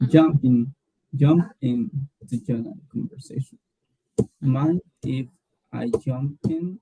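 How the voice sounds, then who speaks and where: Male English learner: slow, deep-toned, hesitant, repeats words while he searches for them. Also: mellow, husky, no room sound, poor audio. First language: Spanish. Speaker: English student. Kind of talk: online English lesson.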